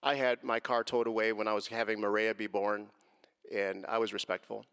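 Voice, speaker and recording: A man's voice: on the low side, level tone, brisk, fairly bright tone, smooth, in a large hall. A man in his forties telling an interviewer about his experiences in a personal, earnest way that grows heated as he recounts confrontations. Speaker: guest.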